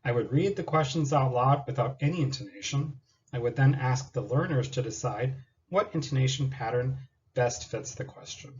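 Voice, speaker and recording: A man presenting a lesson plan in a measured, explanatory way, sometimes modeling question intonation aloud. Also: mid-range voice, lo-fi sound.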